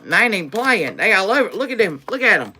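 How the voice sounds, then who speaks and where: Animated bright-voiced woman tarot reader. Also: medium pitch, quick pace, slight background noise. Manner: animated, laughs often, calls viewers baby; repeats phrases for emphasis. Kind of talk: live-streamed tarot reading.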